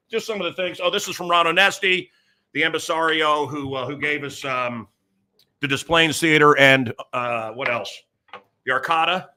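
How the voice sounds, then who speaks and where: A man's voice: a little high, pushed and bright. A man hosting his own show, talking in a loose, rambling monologue that jumps between topics with lots of fillers. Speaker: talk show host. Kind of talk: casual monologue.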